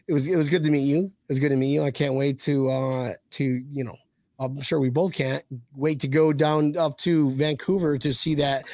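A man's voice: medium pitch, vocal fry, darkish tone, dry recording. A man hosting a casual live-stream chat, joking and teasing his guest. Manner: joking, teasing, laughs often. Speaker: podcast host.

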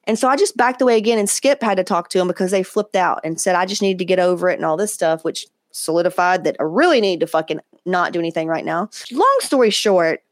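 A woman podcast host, telling personal stories in a candid, profane, animated way. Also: on the low side, quick pace, hardly any pauses, dry recording, studio quality. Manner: candid, profane, animated, quoting others in asides. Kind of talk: casual storytelling monologue.

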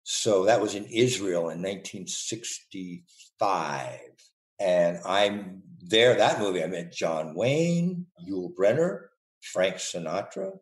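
A man's voice: sits low, expressive, slow pace. An older man, a guest in a casual podcast interview, telling playful, rambling stories and laughing often. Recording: roomy echo.

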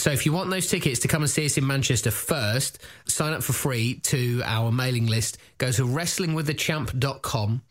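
A man hosting a comedy podcast, teasing his co-host and rambling into quick plugs. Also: medium pitch. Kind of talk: casual comedic chat and promo.

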